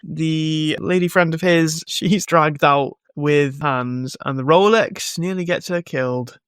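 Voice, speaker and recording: A man hosting a film podcast, recapping a movie with sarcastic, animated asides, frequent laughter and casual swearing. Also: on the high side, takes it slowly, clean tone, no echo, studio quality. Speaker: podcast host reviewing a film. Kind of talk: casual chat.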